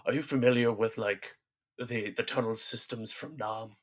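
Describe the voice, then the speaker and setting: A man co-hosting a comedy podcast, deadpan and matter-of-fact as he defends absurd schemes. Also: mid-range voice, normal speed. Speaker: co-host. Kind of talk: improvised comedy bit. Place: inside a wall, muffled through a small hole.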